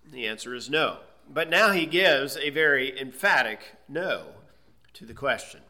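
A man's voice: mid-range voice, animated, measured pace, bright, forceful tone. A man preaching an expository sermon, teaching emphatically and asking rhetorical questions. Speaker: pastor.

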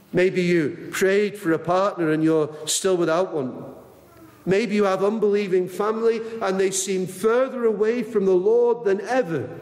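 Guy preaching, fairly high voice, earnest and emphatic, lots of hall reverb. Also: darkish tone. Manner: earnest, emphatic, acts out Bible quotes. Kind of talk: sermon. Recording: long reverb of a large hall.

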